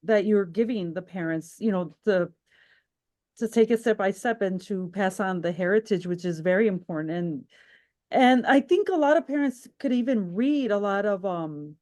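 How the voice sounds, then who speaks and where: A woman's voice: mid-range voice, expressive, moderate pace, a little mellow. A woman hosting a podcast interview, talking in a reflective, rambling way with many restarts. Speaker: podcast host.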